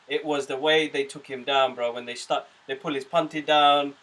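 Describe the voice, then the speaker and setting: A man's voice: on the high side, fairly even intonation, normal speed, fairly bright tone. A man in a casual film chat, laid-back and slangy, filling in details. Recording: distant from the mic.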